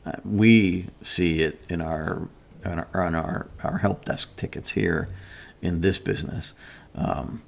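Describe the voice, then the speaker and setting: A man's voice: sits low, steady tone, slow pace, vocal fry. A middle-aged man hosting a casual morning chat, telling a rambling story with lots of fillers and restarts. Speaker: host.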